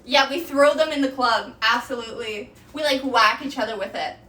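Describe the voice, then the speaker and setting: Young woman, Québécois accent, high voice, giggly and self-mocking, casual livestream chat, echoey kitchen, mic at a distance. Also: brisk, sharp tone. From Quebec. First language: French. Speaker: streamer. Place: home kitchen.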